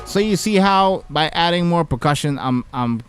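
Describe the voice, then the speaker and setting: A music producer walks through a beat-making tutorial in a relaxed, chatty way packed with fillers. His fairly high voice moves at a normal speed, with music playing behind him.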